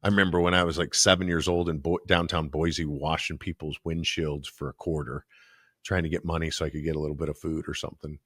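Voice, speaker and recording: A man's voice: a bass voice, fast, no room sound, clean studio sound. A man hosting an interview, chatting casually and agreeably, sharing his own story and prompting his guest. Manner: relaxed, agreeable, brief backchannels. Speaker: podcast host.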